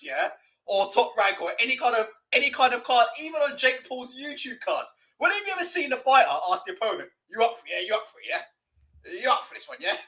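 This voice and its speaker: Young man, casual stream host, sweary and mocking, high, lively voice. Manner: sweary, mocking, laughs a lot. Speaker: livestream host. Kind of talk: casual live boxing watch-along commentary.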